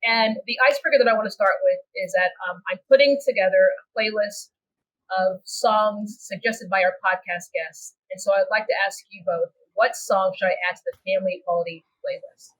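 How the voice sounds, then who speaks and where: A woman's voice: mid-range voice, brisk, a bit bright, slight background noise, poor audio. A woman with a Texan accent hosting a podcast, moving from a scripted welcome to upbeat, chatty conversation. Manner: upbeat, chatty, trails into restarts. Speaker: podcast host. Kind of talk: hosting a podcast, scripted intro then casual chat.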